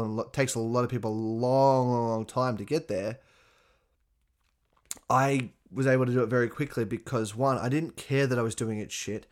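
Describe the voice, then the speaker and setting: A young man talking on his own podcast in an animated, casual way, swearing freely and making asides to his listeners. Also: medium pitch. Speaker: podcast host. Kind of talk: casual solo podcast talk.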